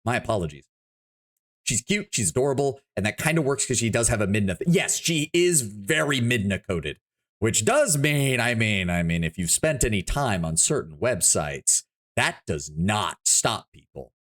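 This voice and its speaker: A man's voice: fairly low pitch, very animated, normal speed, a bit bright. A man chatting casually on a live stream, reacting and thinking aloud in a rambling way, with frequent restarts. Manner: swears freely.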